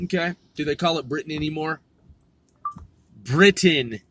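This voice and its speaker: High, bright-voiced man ranting. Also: measured pace, a little hiss or hum. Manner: profane, exasperated, argues with a voice assistant. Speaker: vlog host. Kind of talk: ranting commentary.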